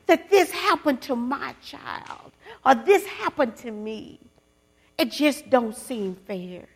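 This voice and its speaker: A woman giving a testimony sermon to other women. She swings from loud preaching to hushed whispers and calls on listeners to repeat after her. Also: high-pitched, lively intonation, takes it slowly, husky. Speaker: speaker at a women's gathering.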